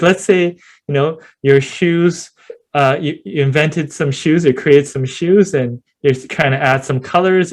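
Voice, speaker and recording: Here a man with a fairly high voice appears as a guest on a podcast, talking informally. He narrates animatedly, performing the scenes he describes, and fills his speech with "you know" and similar fillers.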